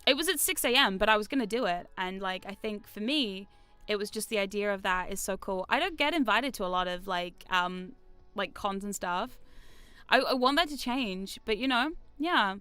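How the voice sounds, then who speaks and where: Bright, clear-voiced New woman streamer. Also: medium pitch, animated, moderate pace, no room sound, soft background music. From New Zealand. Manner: rambling, self-deprecating, swears freely. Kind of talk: casual stream chat. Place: home streaming room.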